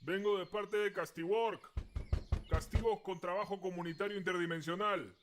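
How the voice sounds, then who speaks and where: Cartoon guinea pig surfer bro, Lima accent, swearing, laid-back drawl, rapid talk, faint outdoor noise. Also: male voice, high voice, steady tone, a bit bright. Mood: scornful. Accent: Lima, Peru. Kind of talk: cartoon voice acting.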